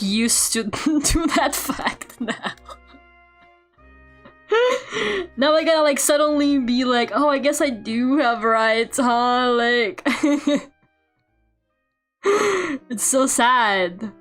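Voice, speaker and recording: A young woman streamer chatting casually while she draws, telling stories animatedly with lots of laughter and "like". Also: sits high. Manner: animated storytelling with frequent laughter and filler "like". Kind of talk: casual live-stream chat while drawing.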